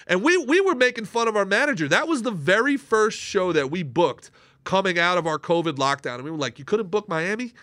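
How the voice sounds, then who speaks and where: Bright-voiced man rambling as podcast host. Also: sits high, expressive, fairly quick, dry recording. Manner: rambling, hesitant, with many restarts, then emphatic. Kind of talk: casual podcast banter.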